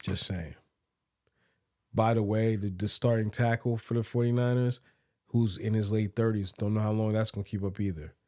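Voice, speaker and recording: A man's voice: fairly low pitch, fairly even intonation, normal speed, dark tone, no room sound, studio quality. A man co-hosting a podcast, chatting casually about sports and often repeating words as he thinks aloud. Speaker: podcast co-host.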